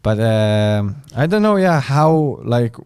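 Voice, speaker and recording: A man, a comedian guest in casual podcast chat, halting and searching for words. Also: medium pitch, very animated, darkish tone, clear, resonant tone, dry recording, clean studio sound.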